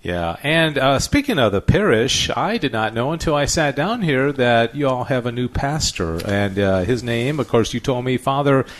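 A man's voice: mid-range voice, lively intonation, normal speed, hardly any pauses. A man hosting a live remote radio interview, chatty and easygoing. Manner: chatty, easygoing, with filler words. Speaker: radio host.

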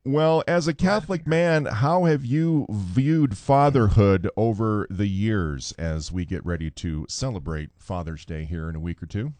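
A man hosting a morning radio show who interviews his guest in a smooth, friendly way. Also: on the low side, measured pace, hardly any pauses, darkish tone, no echo. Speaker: radio host.

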